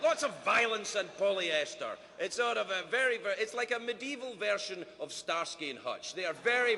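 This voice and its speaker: A Scottish man doing stand-up comedy at a formal dinner, animated, full of quick asides and mock-voiced quotes. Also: high-pitched, a little hiss or hum. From Scotland. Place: large banquet hall. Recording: roomy hall with faint ambience.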